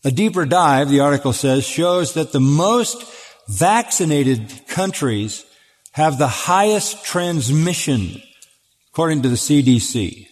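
A man's voice: fairly high pitch, animated, a little slow. An older man, a pastor answering questions in a sermon-style talk, speaking earnestly and with emphasis, often repeating words as he starts a thought. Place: church auditorium. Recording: long reverb of a large hall.

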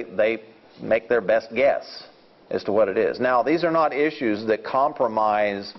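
A man giving an informal Bible lesson, explaining his points step by step and thinking aloud, often restarting his sentences. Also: mid-range voice. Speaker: Bible study teacher. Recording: dull lo-fi recording.

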